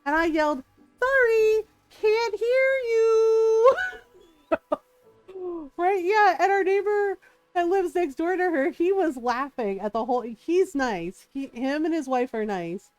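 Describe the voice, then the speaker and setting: A middle-aged woman streamer chatting casually, telling an animated story with frequent laughs and quoted voices. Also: high voice, moderate pace, lo-fi sound, soft background music. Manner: animated, laughing often, quoting others in shifting voices.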